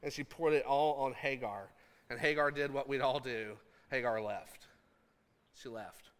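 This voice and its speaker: A male pastor preaching a sermon in an animated, conversational, jokey way. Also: medium pitch, measured pace, in a large hall.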